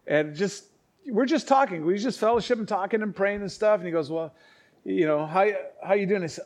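A man preaching, telling stories in an earnest, halting way with many restarts and acted-out quotes. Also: fairly high pitch, darkish tone. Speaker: pastor. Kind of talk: sermon storytelling.

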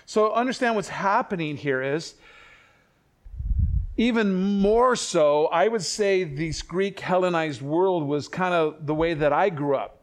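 An older man preaching a sermon in a conversational way, with family anecdotes and quick self-corrections. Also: a little high. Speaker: pastor.

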